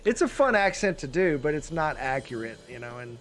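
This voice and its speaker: A man's voice: fairly high pitch, very animated, a little fast, a little hiss or hum. A man with a Southern American accent co-hosting a casual podcast chat, rambling with many fillers and restarts. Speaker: podcast co-host.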